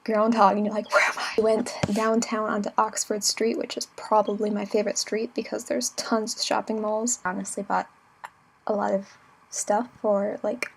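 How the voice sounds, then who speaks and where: A young woman chatting casually in a travel vlog, giggly and playful with quick asides. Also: mid-range voice, flat delivery, creaky, slight background noise. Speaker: vlogger.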